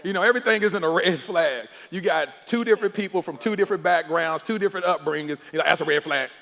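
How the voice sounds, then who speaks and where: In a church sanctuary, a middle-aged pastor hosts a panel for married couples, speaking loudly, animatedly, and quickly, with frequent bursts of laughter. His voice is slightly high for a man, and the large hall gives the sound a long, ringing reverb.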